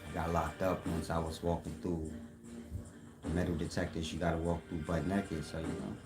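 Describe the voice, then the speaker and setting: A man's voice: low voice, level tone, normal speed, over music, poor audio. A man in casual online talk, slangy and mocking, who laughs often at his own jokes. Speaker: online commentator.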